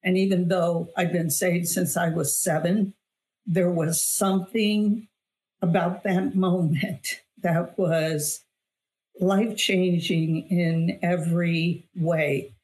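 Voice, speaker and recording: A fairly low, slightly mellow voice with fairly even intonation moves at a slow pace. The speaker, a middle-aged woman who is an author and weight loss coach, is a guest on an interview show giving an earnest, emphatic testimony, often repeating phrases for weight.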